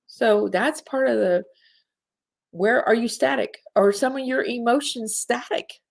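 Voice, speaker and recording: Slow, gravelly-voiced spiritual woman host. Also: a little high. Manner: earnest, heartfelt, addresses listeners as darlings. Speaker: spiritual talk show host. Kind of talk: live spiritual talk.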